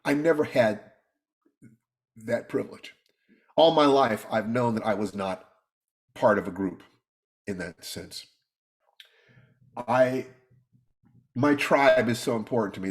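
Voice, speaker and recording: Middle-aged man, motivational talk to students, earnest, repeats words, mid pitch. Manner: earnest, pleading, repeats himself. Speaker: teacher addressing his students.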